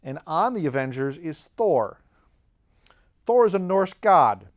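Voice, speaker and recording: A man's voice: a little high, very animated, slow pace, dull audio. A man telling rambling, jokey stories in a casual monologue, often cutting himself off mid-sentence. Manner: rambling, self-interrupting, jokey. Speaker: show host.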